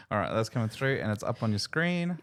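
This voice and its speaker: A man hosting a podcast word game, upbeat and teasing as he announces each round. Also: medium pitch. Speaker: podcast host running a game. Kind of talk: casual podcast banter.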